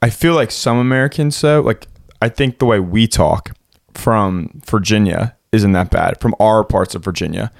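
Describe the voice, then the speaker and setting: A young man with a low voice chats casually and teases his friends on a podcast. The recording is dry and close. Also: moderate pace, vocal fry, few pauses, dry recording. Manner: teasing, questioning. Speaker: podcast co-host. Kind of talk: casual chat.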